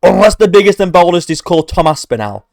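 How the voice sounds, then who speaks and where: A man's voice: sits high, big pitch swings, fast, vocal fry, darkish tone, faint music behind. A man giving profane, mocking reaction commentary as an MMA commentator, ranting sarcastically.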